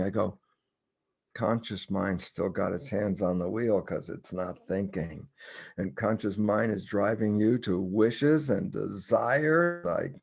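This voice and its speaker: Older male guest on an interview podcast, gravelly and husky low voice, animated storyteller who acts out his dialogues. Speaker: guest, cell biologist. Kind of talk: conversational explanation in a podcast interview.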